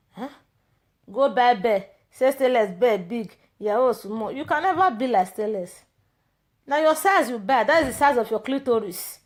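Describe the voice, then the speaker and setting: A woman with a Nigerian Pidgin English accent in a rambling, mocking monologue, confronting a rival and chatting to her viewers. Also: fairly high pitch. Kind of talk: casual ranting monologue.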